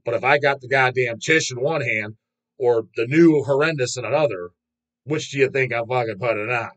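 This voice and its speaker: A middle-aged man hosting a podcast, ranting casually in a profane, opinionated and animated way. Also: mid-range voice, moderate pace. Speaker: podcast host. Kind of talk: casual rant.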